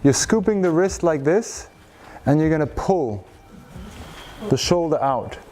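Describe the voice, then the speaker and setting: A man with a slightly high voice leads a group through slow stretches. He gives calm, instructive cues and keeps checking in with questions. Soft music plays faintly behind him. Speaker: movement coach. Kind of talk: guiding a group stretching class.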